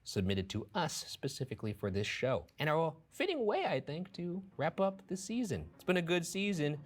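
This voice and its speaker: A man's voice: fairly high pitch, moderate pace. A man hosting a show, reading a spooky story aloud and chatting with a co-host between parts. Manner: animated, laughs often. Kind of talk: story reading with casual chat.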